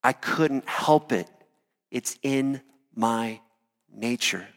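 A man's voice: mid-range voice, very slow, big-room sound, pitched below the performer's own voice. A man voicing a sly male scorpion from a fable, pleading and coaxing in a near-everyday voice. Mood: resigned.

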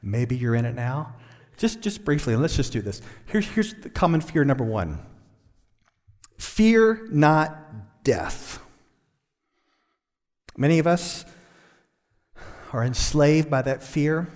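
A man preaching a sermon as pastor, impassioned and building to emphatic highs. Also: expressive, moderate pace, a little mellow, big-room sound.

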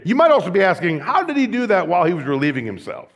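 A male pastor delivering a sermon in a notably high voice. His pitch rises and falls with lively movement as he mixes casual asides with rhetorical questions. When he reads scripture, the delivery rises in intensity. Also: very fast. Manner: conversational asides and light humor.

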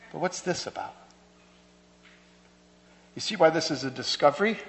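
A man's voice: a little high, sing-song, moderate pace, gravelly, pauses often. A pastor preaching a sermon to his church, emphatic and conversational, with rhetorical questions. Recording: long hall reverb.

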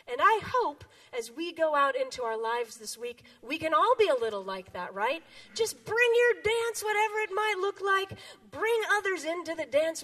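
A woman in her forties giving a children's message in a church sanctuary, an animated, expressive storyteller reading a picture book. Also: high-pitched. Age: 40s. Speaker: children's sermon leader.

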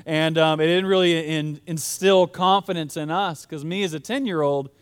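A man's voice: a little high, fairly even intonation, normal speed, clean tone. A young man preaching a sermon in a casual, storytelling way. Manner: casual, storytelling, conversational with fillers. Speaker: pastor.

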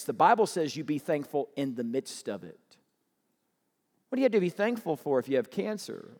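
A male pastor preaches in a high, swooping voice, jumping between hushed and loud with comic asides. His rhetorical questions echo with long reverb through a church hall. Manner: animated, humorous, full of rhetorical questions. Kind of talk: sermon.

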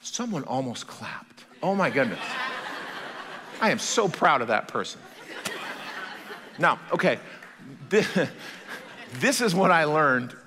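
A male pastor preaching a sermon in a church, telling the story in a playful, animated way. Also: a little high, takes it slowly, long pauses, big-room sound, background noise.

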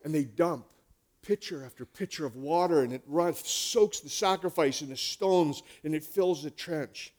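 A male pastor preaching a sermon, retelling stories with lively swings between hushed and loud delivery. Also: fairly high pitch, normal speed.

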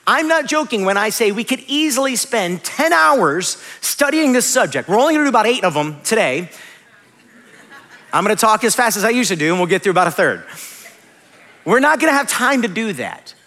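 A man in his thirties preaching a sermon as a pastor, telling stories in a lively, conversational way with quick asides. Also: sits high. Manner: animated, conversational storytelling with rapid asides. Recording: long hall reverb.

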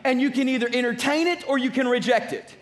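A man's voice: extremely high pitch, fast. A man preaching a sermon as pastor, emphatic and repeating his key phrases.

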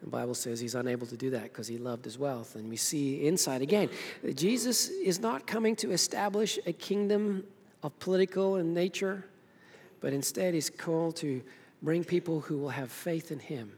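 A man with a slightly high voice preaches a sermon in a church, retelling the story with casual energy and acting out each character's lines. His voice rings with the long reverb of a big hall. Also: normal speed, breathy edge. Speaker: pastor.

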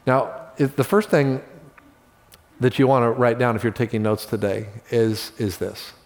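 A male pastor preaching a sermon in a relaxed, conversational storytelling manner with quick asides. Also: medium pitch, long reverb tail.

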